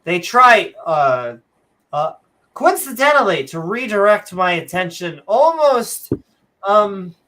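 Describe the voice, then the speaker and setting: A woman's voice: mid-range voice, big pitch swings, takes it slowly, fairly bright tone. A woman co-hosting a casual livestream chat, joking and rambling with chuckling asides. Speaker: co-host.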